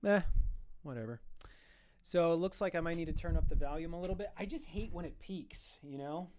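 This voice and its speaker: A streamer and artist with a slightly high, darkish-toned voice chats briskly while drawing live. He rambles, jokes at his own expense and stays chatty throughout.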